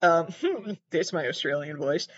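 A man hosting a comedy show, rambling through a digressive monologue that keeps interrupting itself, with sudden squeaky jumps in pitch. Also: lively intonation, measured pace, a bit bright, muffled recording, slight background noise. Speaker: comedy podcast host.

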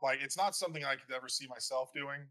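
Bright, animated man telling stories. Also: medium pitch, quick pace. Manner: animated, swears freely, storytelling. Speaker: podcast guest. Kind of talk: casual chat.

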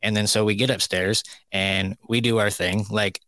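A man's voice: fairly low pitch, steady tone, normal speed, bright, forceful tone, no room sound. A man co-hosting a casual chat podcast, telling stories in a blunt, profane way. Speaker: co-host.

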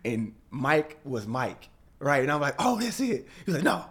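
Animated man telling a story. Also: mid-range voice, normal speed. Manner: animated storyteller, acts out quoted voices. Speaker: guest. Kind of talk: storytelling interview.

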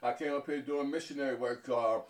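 Soft-spoken deacon from Harlem, halting. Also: male voice, mid-range voice, fairly even intonation. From Harlem, New York. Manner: halting, repeats and stammers on words. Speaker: deacon, interview guest. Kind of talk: reflective interview answers. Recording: echoey, from far off.

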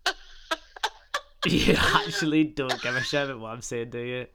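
A man's voice: mid-range voice, wildly swooping pitch, a little slow, a loud crowd. A man with a Glaswegian accent hosting a casual podcast, rambling on with swearing and self-mocking banter. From Scotland. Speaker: podcast host. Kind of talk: casual solo podcast chat.

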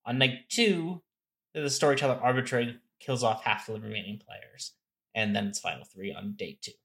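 A man's voice: mid-range voice, a little fast, gravelly, fairly bright tone. A man co-hosting a podcast, talking through board game strategy in a casual, explanatory way with many fillers and restarts. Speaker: podcast co-host.

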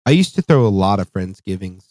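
A man's voice: low-pitched, very animated, a little fast, darkish tone, no echo. Tired, profane male podcast co-host. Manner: profane, rambling. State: tired, yawning. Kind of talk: casual podcast chat.

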